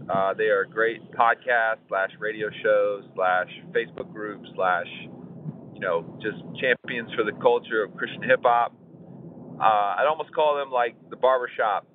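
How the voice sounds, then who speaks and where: Relaxed male podcast host, forties, rambling and chuckling; tinny phone-line audio. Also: fairly low pitch, a little hiss or hum. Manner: laid-back, chuckling, rambling with fillers. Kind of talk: casual podcast chat.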